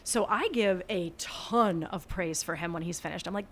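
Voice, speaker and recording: A woman's voice: mid-range voice, lively intonation, normal speed, few pauses. A middle-aged woman teacher talking as a podcast guest. She speaks earnestly, acts out things she says to her students, and restarts her sentences often. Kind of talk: casual interview chat.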